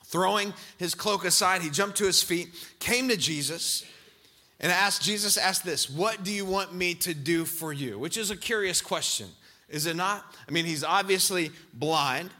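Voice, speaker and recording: A man preaching a sermon, rising to shouts as he acts out scripture scenes. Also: high-pitched, normal speed. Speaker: pastor.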